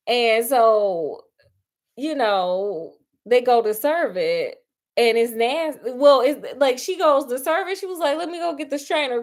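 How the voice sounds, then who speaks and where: Sassy woman retelling a movie plot, slightly high voice, super chatty, keeps saying honey. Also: darkish tone. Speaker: storyteller. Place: at home doing crafts.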